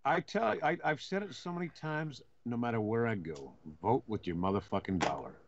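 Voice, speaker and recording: A man's voice: mid-range voice, lively intonation, a little fast, lo-fi sound, noisy background. A man talking as a guest on a live show, blunt and insistent, swearing often. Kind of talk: heated live web talk show.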